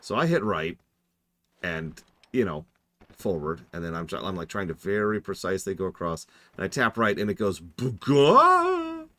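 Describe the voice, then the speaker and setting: A man's voice: low-pitched, moderate pace, fairly bright tone, no echo. A man streaming and reviewing a game in casual, wry, self-deprecating commentary.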